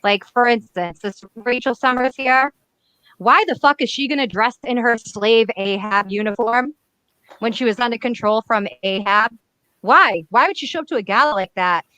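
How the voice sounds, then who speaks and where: A woman hosting casual comic commentary on a webcam, blunt, profane and excitable. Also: on the high side, moderate pace, no room sound. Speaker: comic reviewer host.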